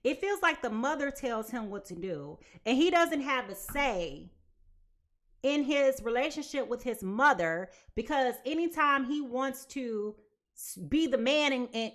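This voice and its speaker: A young adult woman giving a live tarot reading in a chatty, animated way, now and then acting out quoted voices. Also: high voice, measured pace. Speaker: tarot reader.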